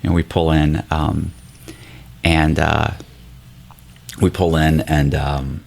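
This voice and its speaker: A man with a very deep, low voice tells a story in a casual podcast chat. He talks animatedly and slips into other people's voices. He is recorded in a hotel room set up as a makeshift studio. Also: flat delivery, slow, gravelly, a little mellow. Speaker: podcast guest.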